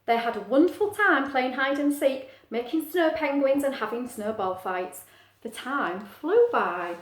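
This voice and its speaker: In an echoey room, a middle-aged woman teacher reads a picture book to children in a high-pitched, unhurried voice. She keeps it gentle and animated, asking the listener questions along the way.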